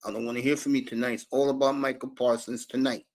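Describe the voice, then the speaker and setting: A man's voice: medium pitch, level tone, fast, darkish tone. A man hosting a live sports talk stream, brash and profane, calling out chat viewers by name. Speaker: sports talk show host.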